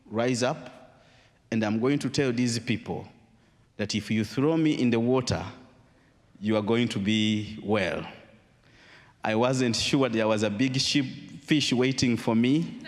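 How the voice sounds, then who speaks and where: Man telling a testimony in a hall. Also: mid-range voice. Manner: storytelling, dramatic pauses. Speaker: guest speaker. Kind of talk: personal testimony talk.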